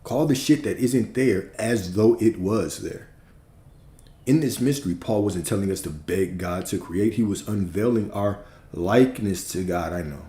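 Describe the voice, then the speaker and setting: Preacherly man with a dark, low voice. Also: moderate pace, roomy sound. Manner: emphatic, preacherly, repeats phrases, casual swearing. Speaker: spiritual teacher. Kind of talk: livestream teaching.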